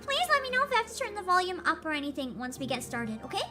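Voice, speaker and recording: A high-voiced woman streamer chats over a game, her voice swooping up and down as she talks. She is chatty and expressive and laughs easily between remarks, with loud game music running under her. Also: rapid-fire. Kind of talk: casual gaming livestream chat. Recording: game music playing loudly behind.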